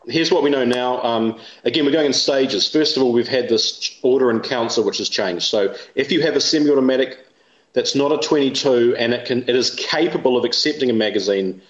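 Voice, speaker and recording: This man is a guest in an interview, talking quickly and animatedly with plenty of opinions. Now and then he imitates people in high voices, and the sound quality is dull and lo-fi with a roomy feel.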